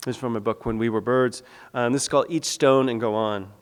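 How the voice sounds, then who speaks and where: Poet, 40s, male, mid-pitched; steady rhythmic lecture reading; long hall reverb. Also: brisk. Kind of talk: public lecture with poetry reading.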